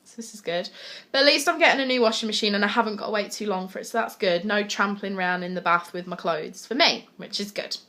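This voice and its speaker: A young woman with a bright, clear voice talks straight to her camera in a casual vlog. She is blunt and swears freely, retelling conversations in quick bursts. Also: medium pitch. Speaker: vlogger.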